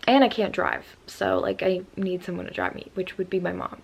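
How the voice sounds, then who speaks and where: Creaky-voiced young woman telling a story. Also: medium pitch, fairly even intonation, moderate pace. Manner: rambling with many "like" fillers. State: upset after crying. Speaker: vlogger. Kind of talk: casual storytime vlog.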